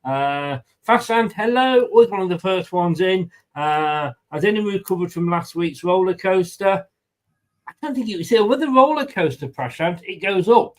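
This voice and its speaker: A man's voice: high-pitched, lively intonation, moderate pace. A man co-hosting a fan live stream, chatting casually and reading out viewer comments. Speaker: fan channel co-host.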